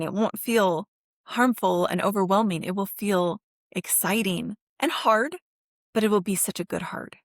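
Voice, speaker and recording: A woman's voice: mid-range voice, unhurried, dry recording, studio quality. A woman therapist hosting her own self-help podcast. She talks directly to the listener in an earnest, encouraging, emotionally open way.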